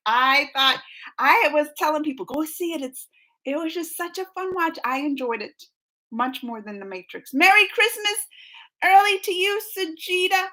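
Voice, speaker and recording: A young woman with a high, bright voice chats through a live stream, reading viewer comments aloud. She is excitable and laughs often, breaking into squeals of enthusiasm. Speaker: streamer hosting a live chat.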